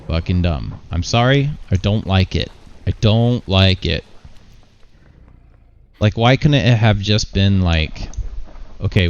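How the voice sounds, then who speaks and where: A man giving casual let's play commentary, blunt and swearing, thinking out loud. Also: low voice, smooth, muffled recording. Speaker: gamer.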